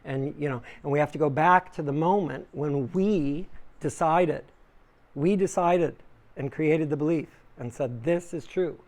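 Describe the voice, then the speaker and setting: A man teaching yoga breathing to a small group in a room, casual and conversational, taking questions from listeners. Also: measured pace. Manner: casual and conversational, acts out inner voices loudly with big pitch jumps. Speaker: yoga teacher giving a dharma talk. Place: small room with a live audience.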